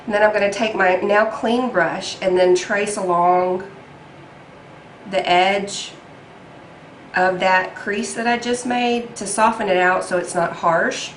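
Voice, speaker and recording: A woman's voice: medium pitch, fairly even intonation, takes it slowly, roomy sound, a little hiss or hum, low-quality recording. A young woman talking through a makeup tutorial in a chatty, self-deprecating way, with frequent ums. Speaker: beauty vlogger.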